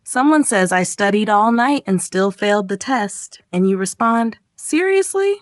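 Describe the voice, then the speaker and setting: A woman's voice: medium pitch, normal speed, no echo, clean studio sound. A woman narrating a scripted English lesson, acting out sample reactions as she goes. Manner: lively, acts out example reactions. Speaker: English teacher.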